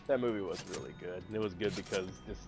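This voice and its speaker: A man chatting casually on a live stream, rambling excitably about movies with big jumps in pitch and loudness. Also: fast, vocal fry, faint music behind. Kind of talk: casual chat.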